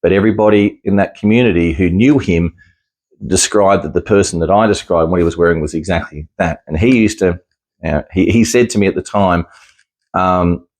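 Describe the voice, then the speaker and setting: A man's voice: low voice, brisk, a little mellow. A man talking casually to camera as a psychic medium, rambling and restarting his sentences. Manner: rambling, with frequent restarts and easy chuckles. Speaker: psychic medium sharing experiences.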